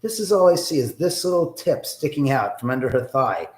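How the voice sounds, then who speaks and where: A man's voice: medium pitch, fairly quick. Man telling a story in a roomy echo. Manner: animated, rambling, swears freely. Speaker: live-stream host. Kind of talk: casual storytelling on a live stream. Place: in a house.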